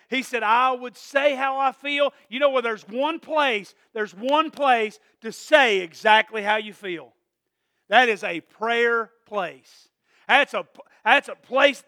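A man preaching a sermon in a church, asking "Amen?" again and again and swinging from quiet asides to loud emphatic peaks. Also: high-pitched, no room sound, studio quality. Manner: call-and-response preaching, repeated "Amen?". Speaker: pastor.

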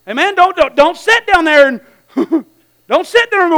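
High, bright-voiced folksy preacher man. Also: a little fast. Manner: folksy, animated preaching with repeated calls of amen; breaks into shouts at high points. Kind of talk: sermon.

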